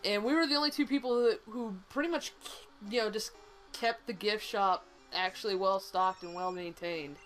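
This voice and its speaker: A woman's voice: medium pitch, normal speed, a bit bright, faint music behind, poor audio. A young woman with a Southern US accent, co-hosting a game stream, telling a story in a rambling, blunt way and swearing freely. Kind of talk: casual storytelling chat.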